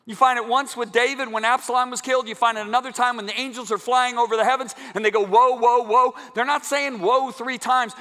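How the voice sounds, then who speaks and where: A man preaching a sermon to a congregation in a large church, emphatic and building to loud climaxes. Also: very high voice, steady tone, quick pace, few pauses. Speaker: guest preacher. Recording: long church hall reverb.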